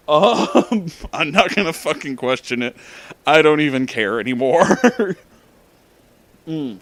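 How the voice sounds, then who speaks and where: A man's voice: a little high, animated, a little slow, dry recording. A young man casually telling a story about a road trip, swearing freely and laughing often. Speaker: vlogger.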